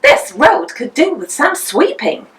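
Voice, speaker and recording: Woman putting on a shrill, fussy house-proud mother. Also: wildly swooping pitch, a little slow, a bit bright, slight background noise, heavily acted. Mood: prim fussy. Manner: prim, high and shrill.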